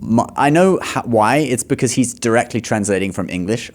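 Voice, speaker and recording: A man teaching Chinese in reaction commentary. He explains patiently, slows down to model words and often checks in with "okay?". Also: medium pitch, expressive. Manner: explanatory, repeats words slowly to demonstrate; frequent laughs and checking "okay?".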